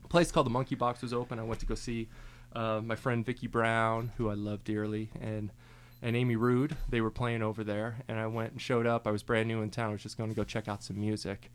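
A man's voice: lowish voice, flat delivery, fairly quick, smooth. A young man playing music live on the radio, chatting loosely and joking between songs and often laughing. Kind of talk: casual on-air chat between songs.

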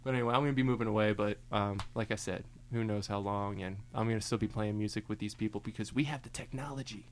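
A man's voice: lowish voice, steady tone, fast, hardly any pauses. A young man playing music live on the radio, chatting loosely and joking between songs and often laughing. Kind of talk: casual on-air chat between songs.

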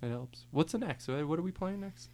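A man's voice: fairly high pitch, expressive, a little fast, darkish tone, slight background noise. A young man playing music live on the radio, chatting loosely and joking between songs and often laughing. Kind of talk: casual on-air chat between songs.

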